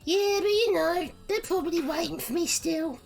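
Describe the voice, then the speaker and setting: A woman's voice: extremely high pitch, moderate pace, creaky, darkish tone. A woman voicing a cheerful male traveler, chatting casually and easily. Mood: easygoing. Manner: casual, easygoing. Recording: faint music behind.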